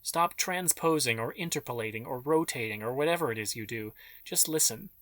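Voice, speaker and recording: A man reading aloud, voicing a cold, menacing male vampire who speaks softly and insistently. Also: mid-range voice, expressive, brisk, no room sound, natural voice.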